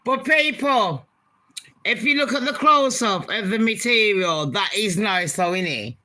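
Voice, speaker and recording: Unhurried, brash woman gossiping. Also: mid-range voice, animated, bright, forceful tone. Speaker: gossip vlogger. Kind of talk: casual gossip monologue.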